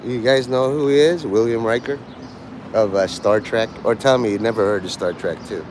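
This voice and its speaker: A man's voice: lowish voice, moderate pace, darkish tone, a little hiss or hum, low-quality recording. A man from New York City livestreaming outdoors, rambling erratically and taunting his chat in an abrasive way. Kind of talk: rambling live-stream chat.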